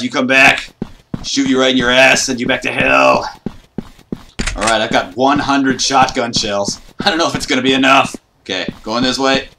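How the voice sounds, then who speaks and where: A man talking through a horror game with crude jokes and swagger, bursting into yelps and shouts at every scare. His voice sits at an ordinary middle pitch. Noticeable hiss and mouse clicks run under the recording. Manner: joking, boastful trash talk with sudden yelps. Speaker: gaming YouTuber. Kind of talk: horror game let's play commentary.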